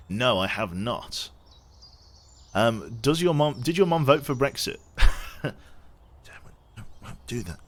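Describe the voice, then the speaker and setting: A young Englishman with a posh accent, speaking at medium pitch, chats casually with his viewers while streaming a game. He's self-deprecating and reads the chat aloud.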